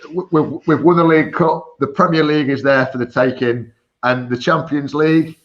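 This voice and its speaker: A man on a video call into a live fan stream, confident and animated, calling people mate. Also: fairly high pitch, moderate pace, lo-fi sound. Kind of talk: casual video call chat.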